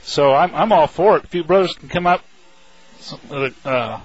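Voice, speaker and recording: A male radio host with a somewhat high voice chats in a casual, halting way, full of fillers and restarts. The sound is dull and lo-fi, like an old radio broadcast. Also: breathy edge.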